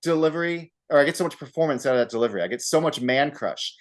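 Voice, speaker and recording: A man on a casual podcast, talking about a movie with animated energy and frequent swearing. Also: fairly high pitch, quick pace. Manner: animated, acts out scenes with put-on voices and laughter; swears freely. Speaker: podcast co-host.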